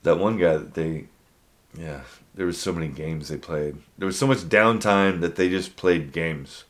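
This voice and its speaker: Low-voiced man swapping war stories. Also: moderate pace. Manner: storytelling, acts out drill instructors loudly; swears casually. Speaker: podcast co-host. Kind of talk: casual chat.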